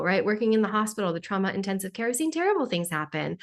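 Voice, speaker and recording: A woman's voice: on the high side, sing-song, quick pace, hardly any pauses. A woman hosting a spiritual Q&A on a live video call, talking in a playful, joking way with sarcastic asides. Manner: playful, jokey, sarcastic asides, mimics voices.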